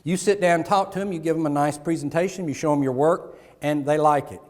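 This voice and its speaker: Animated male keynote speaker in reverberant hall. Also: fairly high pitch, fast talker. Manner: animated, acts out dialogue with audience. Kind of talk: motivational keynote storytelling. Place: large conference hall on stage. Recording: live hall with long reverb.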